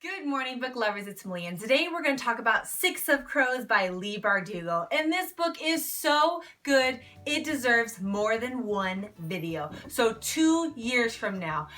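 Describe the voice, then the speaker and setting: A woman's voice: fairly high pitch, big pitch swings, unhurried, few pauses, sharp tone. A woman in her twenties, talking casually and with bubbly enthusiasm in a book review vlog. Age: 20s.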